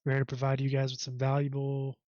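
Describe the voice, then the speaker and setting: A man co-hosting a gaming livestream, friendly and quick to laugh as he thanks chat viewers. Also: mid-range voice, monotone, mellow, dry recording. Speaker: co-host. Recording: dull lo-fi mic.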